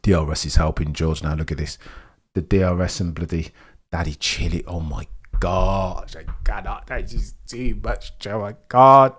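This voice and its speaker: A man calling a live race stream as a fan, jumping from calm updates to loud pleading shouts. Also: deep voice, moderate pace, slightly rough. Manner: swings from calm reading of gaps to loud shouting; fan-like, pleading with drivers, chatty with viewers.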